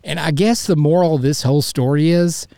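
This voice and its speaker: A frustrated man hosts his own sports podcast, venting in a blunt, fired-up rant and hammering points home by repeating them. His voice sits a little high for a man, and the recording is close and dry with no room sound. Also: a little fast, dark tone, no echo. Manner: blunt, repeats himself for emphasis. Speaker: podcast host. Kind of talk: solo sports podcast commentary.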